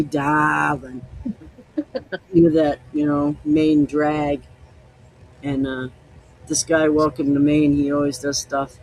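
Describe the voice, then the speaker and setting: A man's voice: fairly high pitch, takes it slowly, vocal fry, slight background noise, poor audio. A man hosting a podcast, chatting casually in a loose, rambling way while he tastes liquor. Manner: rambling, loose, easygoing storytelling. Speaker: podcast host.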